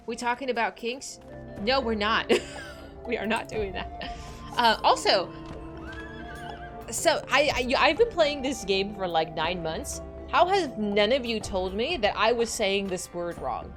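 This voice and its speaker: An excitable woman streamer chats and giggles with her viewers while she plays. Her mid-pitched voice leaps up and down with lots of energy. Faint music plays in the background. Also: normal speed. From Los Angeles, USA. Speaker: game streamer. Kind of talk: casual livestream chat while gaming.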